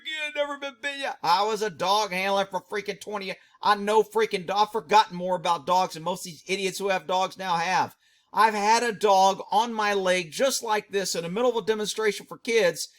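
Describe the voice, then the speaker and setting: A man's voice: sits high, a bit bright. A middle-aged man, a former police dog handler, giving blunt, indignant commentary on a video.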